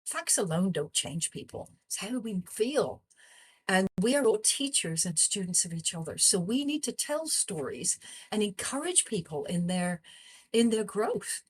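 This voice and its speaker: Speaking a little slowly in a medium-pitched, slightly rough voice, a woman psychologist shares a personal anecdote as a conversation guest. She tells it with animation, performing the lines of each person she quotes.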